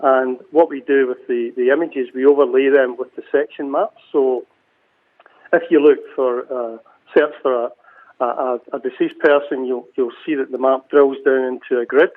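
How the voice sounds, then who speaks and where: Heard over a phone line, a Scottish man who runs a cemetery talks casually as a radio guest, often restarting his sentences. His voice sits at medium pitch, with fairly even intonation and a normal speed.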